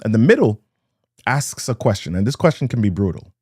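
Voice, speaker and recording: A man's voice: on the low side, very animated, brisk, a little mellow, husky, no echo, studio quality. A man giving a live motivational talk to online viewers. He speaks in rhythmic phrases, repeats key lines and greets viewers by name.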